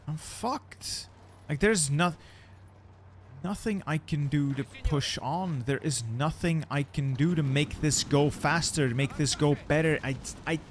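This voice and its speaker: A man's voice: on the high side, unhurried, a little hiss or hum. A man commentating his strategy game play, exasperated and swearing as he rants about losing. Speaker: gaming channel host.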